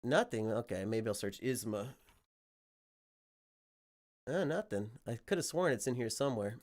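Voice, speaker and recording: A man's voice: medium pitch, lively intonation, moderate pace, a little mellow. A man with a sick voice chatting casually on a livestream, rambling and swearing freely. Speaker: streamer.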